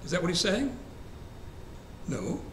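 His voice is high and a touch bright, very animated yet slow-paced, as he leads a church Bible study class conversationally. He quizzes the group and says verse references over again, in an echoey space with faint hiss.

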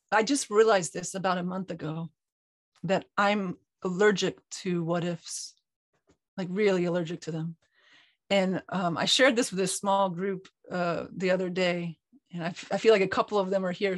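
A woman's voice: on the low side, no room sound, clean studio sound. A woman co-hosting an online talk, candidly telling a personal story with lots of restarts. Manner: candid, animated, frequent restarts and fillers. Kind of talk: personal storytelling in a group call.

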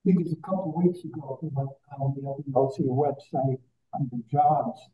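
A man, a board trustee, asking brisk procedural questions during a public board meeting. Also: medium pitch, dull audio.

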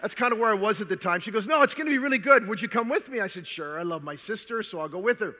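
An older man tells a personal story from a conference stage, animated and humorous. His voice sits very high and sounds strikingly bright. A long reverb from the hall trails behind every phrase. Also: fast. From Minnesota, USA. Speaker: conference speaker. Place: large hall.

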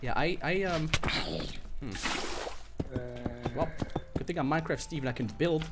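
A young man giving excitable, swearing commentary while streaming a game live, repeating himself when things go wrong. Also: on the high side, normal speed, over loud music.

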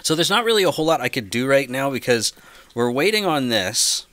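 A man casually commenting on his own gameplay, chatty and quick to yelp and laugh. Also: medium pitch. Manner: chatty, easily excited, yelps and laughs. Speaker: gaming channel host. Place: home room with an aquarium. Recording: noisy home recording, aquarium drip behind. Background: dripping aquarium water.

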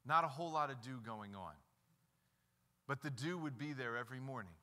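A man pastor preaching a sermon in a church, animated, asking rhetorical questions and mimicking people's voices. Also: mid-range voice, brisk. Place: church sanctuary.

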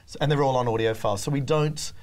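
A man's voice: medium pitch, fast talker. Wry man telling stories as a guest. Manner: wry storyteller, mimics people in anecdotes. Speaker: comedian guest. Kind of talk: casual studio chat. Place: TV studio.

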